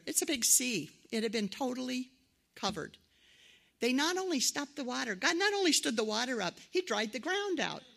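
Middle-aged female preacher, conversational sermon, gravelly tone, animated when quoting others. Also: fairly high pitch. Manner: conversational, animated quoted voices. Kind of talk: sermon with personal stories.

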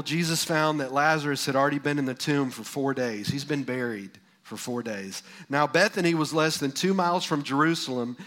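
A male pastor delivering a sermon with a folksy, animated manner, breaking off to quiz his listeners. His voice sits a little higher than most men's. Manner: folksy, animated, asks the crowd.

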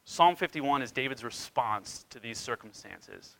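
A man's voice: mid-range voice, animated, a little slow, gravelly, a bit bright, rough recording. A man preaching a sermon as pastor, retelling scripture dramatically with wide swings in emphasis.

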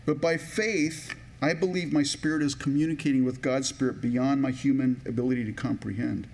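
A man's voice: mid-range voice, fairly even intonation, fairly quick, gravelly, a little mellow. A man preaching a sermon in a personal, conversational way, with many restarts and a touch of emotion. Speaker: pastor.

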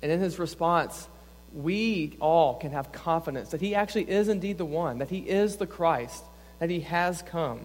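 A young adult campus pastor preaches a sermon earnestly and conversationally, often saying "like." His voice is a little high and moves at normal speed, with long church-hall reverb around it.

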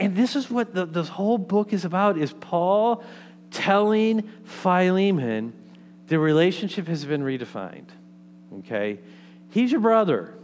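A man's voice: high-pitched, a little hiss or hum. A man preaching a sermon in a conversational way, often checking in with "okay?" and "right?" and restarting his sentences. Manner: frequent restarts and repeated words. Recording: long hall reverb.

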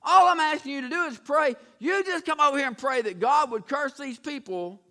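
A man's voice: very high voice, brisk, bright, forceful tone, voice pushed up, full character voice. A preacher voicing a pushy, bribing king. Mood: persuasive. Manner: smooth-talking and persuasive, turning exasperated. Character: wealthy, bribing male king, pushy and impatient.

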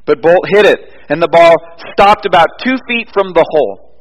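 A man's voice: fairly high pitch, normal speed, in a large hall, poor audio. A man preaching a sermon as pastor, telling stories in an earnest way and building to emphatic peaks. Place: church.

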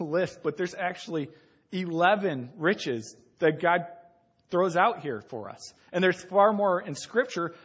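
A man's voice: high voice, breathy edge, lo-fi sound. Man preaching a storytelling sermon. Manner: storytelling, builds to emphatic peaks. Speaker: pastor.

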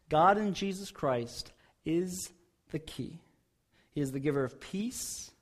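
A man preaching a sermon as pastor, rising loud when voicing prayers and dropping soft for quiet appeals. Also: fairly high pitch.

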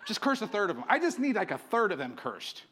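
A man voicing a furious, scheming ancient king who shouts in exasperation. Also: high-pitched, big pitch swings, fast, husky, exaggerated voice. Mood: pleading.

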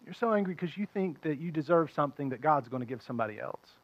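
High-voiced preacher telling a story. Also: male voice, fast talker, no echo, highs cut off. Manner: animated storytelling, acting out the characters' voices. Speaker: pastor. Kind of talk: sermon.

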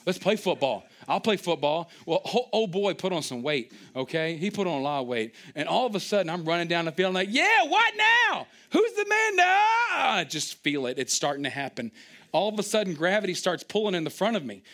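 A man preaching a sermon, animated and storytelling, who acts out little scenes with sudden high-pitched outbursts and drops into quiet asides. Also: quick pace. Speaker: pastor.

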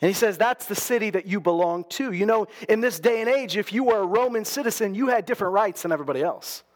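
High-voiced man preaching a conversational sermon. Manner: conversational preaching with restarts and acted quotes. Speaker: pastor.

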